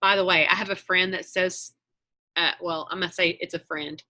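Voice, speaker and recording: A woman's voice: lowish voice, fairly even intonation, normal speed, bright, forceful tone. A woman leading an online group on a video call, chatting in a meandering way and often correcting herself mid-sentence. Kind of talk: casual chat on a video call.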